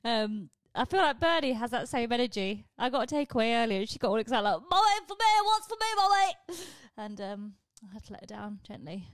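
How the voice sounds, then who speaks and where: A woman with a British accent hosting a podcast, talking in a casual comedic monologue with jokey, wry deadpan asides. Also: mid-range voice, quick pace, few pauses, no room sound. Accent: British English. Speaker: podcast host.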